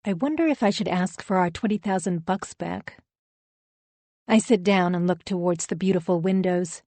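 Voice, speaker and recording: A woman's voice: fairly low pitch, a little mellow, dry recording. Woman narrating a thriller, dry close sound. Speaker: audiobook narrator. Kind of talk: first-person scripted narration.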